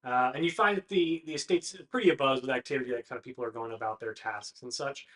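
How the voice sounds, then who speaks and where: A man's voice: mid-range voice, fast, a bit bright. A man running a tabletop game as game master, narrating in a casual, hesitant way with frequent fillers.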